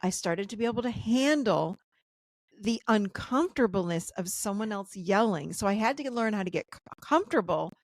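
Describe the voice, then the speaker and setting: A woman in her fifties shares personal stories as a podcast guest, lively and animated, slipping into the voices of the people she describes. Her voice carries a gravelly edge. She is heard over a video call with a dry, close sound. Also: medium pitch, moderate pace, dry recording. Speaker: guest therapist and coach. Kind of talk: personal storytelling in a podcast interview.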